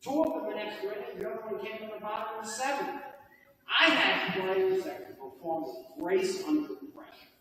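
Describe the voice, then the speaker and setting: A man's voice: high voice, a little fast, a little hiss or hum. An older man giving a heartfelt, folksy acceptance speech at a hall of fame ceremony, recorded from a distance in a banquet hall. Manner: heartfelt, folksy, animated delivery. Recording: distant mic in echoey hall.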